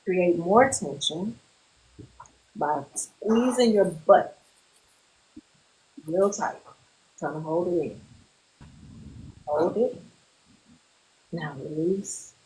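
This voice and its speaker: Slow, calm woman guiding relaxation. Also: lowish voice, a little hiss or hum, rough recording. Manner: slow, calm instructions with pauses. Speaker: therapist leading a group session. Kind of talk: guided relaxation exercise.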